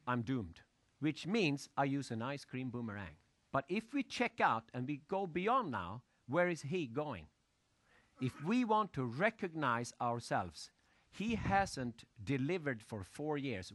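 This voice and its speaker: A man lecturing an audience with lively storytelling, asking questions and using loose, broken grammar. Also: a little high, dry recording. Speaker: motivational speaker.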